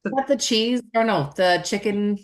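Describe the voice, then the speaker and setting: A woman's voice: medium pitch, normal speed. A young woman co-hosting a casual podcast chat, swearing freely and laughing often while snacking. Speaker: podcast co-host.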